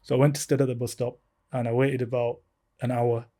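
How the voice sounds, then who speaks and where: Mellow-voiced man telling stories. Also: mid-range voice, brisk. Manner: animated, laughing anecdotes. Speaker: podcast guest. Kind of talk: casual storytelling.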